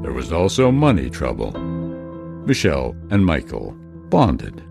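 A man reading a scripted true-crime narration in a measured way, with dramatic pauses. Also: extremely low pitch, wildly swooping pitch, vocal fry. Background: music.

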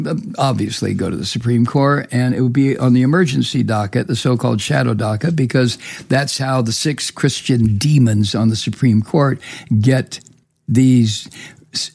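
A man's voice: mid-range voice, vocal fry, darkish tone, slightly rough. A man hosting a talk show, delivering angry, profane, sneering political commentary. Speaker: radio talk host.

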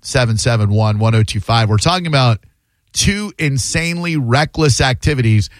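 A man hosting a call-in radio talk show, casual and joking, talking in fast bursts. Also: mid-range voice, dry recording, clean studio sound. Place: radio studio. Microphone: studio mic.

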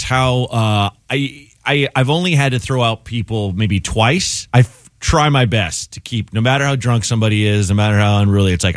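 A man's voice: fairly low pitch, no room sound, studio quality. A man, a comedian guest on a radio show, telling a story in casual talk and acting out the people in it. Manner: animated, acts out voices in his anecdotes. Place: radio studio.

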